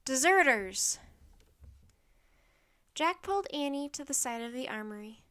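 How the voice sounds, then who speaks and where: A woman reading a children's chapter book aloud in a steady, clear narration. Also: high-pitched, fast. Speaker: storybook narrator.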